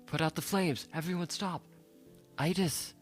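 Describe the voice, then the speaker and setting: A man voicing a frantic older man shouting orders in an audiobook, in a high, strained voice. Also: measured pace, soft background music, lightly acted.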